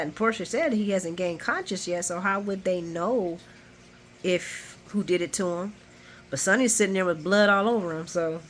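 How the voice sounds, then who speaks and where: A woman vlogger giving a chatty, animated recap of a soap opera episode. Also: lowish voice, slight background noise.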